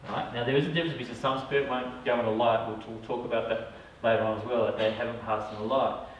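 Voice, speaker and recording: A man's voice: medium pitch, fairly even intonation, quick pace, highs cut off, slight background noise. A man, a psychic medium, talking casually to a group and often checking in with "all right?". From Australia. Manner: conversational, keeps asking "all right?". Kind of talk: casual talk to a small group. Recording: echoey room, mic far off.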